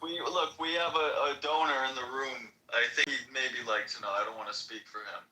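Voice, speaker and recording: A man's voice: mid-range voice, steady tone, a little fast, roomy sound, crowd noise, rough recording. A man asking teasing, joking questions in a casual online chat.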